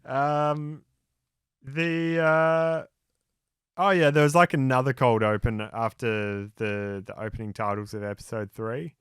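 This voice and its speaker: A man co-hosting a podcast in casual chat, easygoing and hesitant, often pausing on "um" and restarting his sentences. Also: medium pitch, flat delivery, clear, resonant tone, no room sound, clean studio sound. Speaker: podcast co-host.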